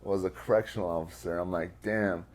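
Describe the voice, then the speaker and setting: This is a man being interviewed, telling a personal story in loose, profane talk full of fillers. His voice sits low, with fairly even intonation and a quick pace.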